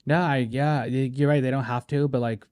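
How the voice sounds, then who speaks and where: A man hosting a casual podcast chat, talking animatedly and tossing in "bro" and "right?" all the time. His voice sits at an ordinary middle pitch. The sound is dry and close, with no room echo. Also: fairly even intonation, normal speed, darkish tone. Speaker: podcast host.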